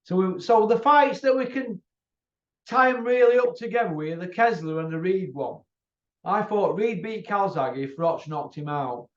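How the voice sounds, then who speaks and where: A high-voiced man rants and taunts in a combative, repetitive way. His voice sits off the mic in an echoey room. The recording sounds dull and lo-fi. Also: expressive, a little slow. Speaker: channel host. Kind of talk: ranting monologue to camera. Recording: roomy, distant, dull lo-fi sound.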